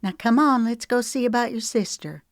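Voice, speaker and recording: A woman's voice: fairly high pitch, normal speed, dry recording, pitched above the performer's own voice, lightly acted. A woman reading an audiobook plays a young Southern lady looking after little girls, firm and motherly. The voice is a bit raised and dry, close to the mic. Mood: gentle. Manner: stern then soft, motherly. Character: gentle but firm young Southern lady caring for children.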